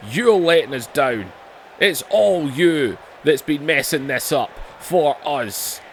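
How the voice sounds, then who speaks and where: A man's voice: a little high, a bit bright, slight background noise. A man voicing an angry grown male wrestler who is fed up with his tag partner, in a weak attempt at an accent.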